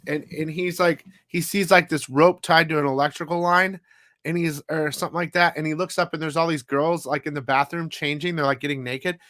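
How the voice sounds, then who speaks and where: A man's voice: fairly high pitch, steady tone, fairly quick, a bit bright, dry recording. A man hosting a comic haul live stream, chatting casually in a rambling, profane way. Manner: rambling, profane, loose storytelling. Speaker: comic haul show host.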